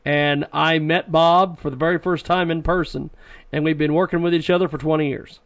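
A man hosts a radio show in a relaxed, chatty way, laughing often and pausing on fillers. His voice sits a little high. The recording is dull and lo-fi. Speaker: radio host. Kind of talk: casual radio chat.

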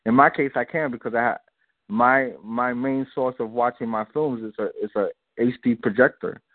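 A man's voice: mid-range voice, normal speed, no room sound. A man, a guest filmmaker, chatting casually in a radio interview, loose and repetitive, laughing often. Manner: loose and talkative, repeats himself, laughs often. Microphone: phone. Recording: dry, tinny phone line.

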